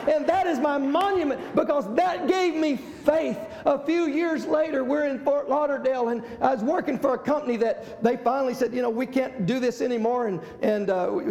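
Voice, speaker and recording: A man's voice: high voice, creaky, a little mellow, echoey room. A man preaching a sermon as pastor, repeating phrases and calling out amen and hallelujah. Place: church.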